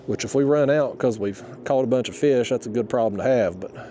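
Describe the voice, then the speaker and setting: A man's voice: mid-range voice, fairly quick, noisy background. A middle-aged man tells a rambling, fired-up story to camera while fishing from a kayak outdoors, swearing freely. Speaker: fishing vlogger.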